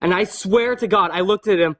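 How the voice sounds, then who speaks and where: A man in a casual vlog rattles off a childhood story at a quick clip. His voice sits a little high. He rambles, loops back on himself and drops swear words constantly. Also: a bit bright. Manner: many fillers and restarts. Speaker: vlogger.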